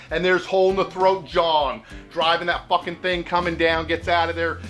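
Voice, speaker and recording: A man's voice: a little high, fairly bright tone. A man from Seattle telling a story casually, laid-back and cussing a lot, chuckling as he goes. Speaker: host.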